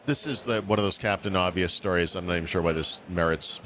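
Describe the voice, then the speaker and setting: Brief: low-voiced man, wry podcast co-host, rambling chat. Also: fast talker, fairly bright tone, slight background noise. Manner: rambling, wry, self-correcting. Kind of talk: casual tech chat.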